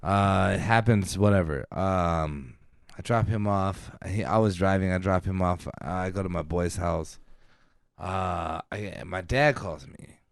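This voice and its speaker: A man's voice: deep voice, measured pace, dry recording, clean studio sound. A man co-hosting a podcast, telling a long casual story full of swearing, laughs and acted-out quotes. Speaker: podcast co-host.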